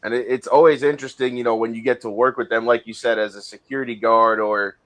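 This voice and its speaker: A podcast co-host chimes in with thoughtful remarks during a loose conversation. His voice sits at an ordinary middle pitch for a man. He speaks in an easy, chatty way. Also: steady tone, fast talker, fairly bright tone. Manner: reflective commentator, chimes in. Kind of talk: casual podcast chat.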